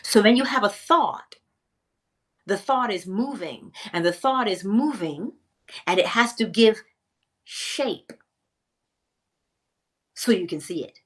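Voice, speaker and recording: A woman teaching a spiritual lesson in a theatrical way, pausing often and dropping to a whisper for emphasis. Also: mid-range voice, slightly rough.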